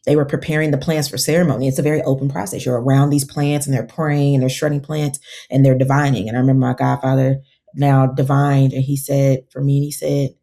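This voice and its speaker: A woman's voice: extremely low pitch, little pitch movement, quick pace, dark tone. A woman herbalist, a guest on a podcast, telling stories in casual conversation and acting out her own quotes.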